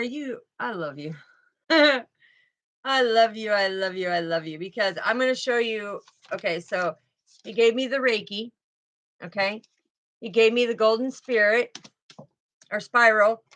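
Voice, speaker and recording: Bright-voiced woman doing a spiritual card reading, emotional, keeps repeating herself. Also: on the high side, poor audio. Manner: emotional, fervent, repeats phrases, often says okay.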